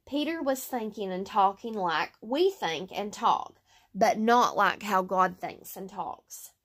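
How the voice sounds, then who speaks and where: A woman teaching a Bible story lesson, reading slowly and deliberately with fillers and self-corrections. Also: mid-range voice, animated, fairly bright tone.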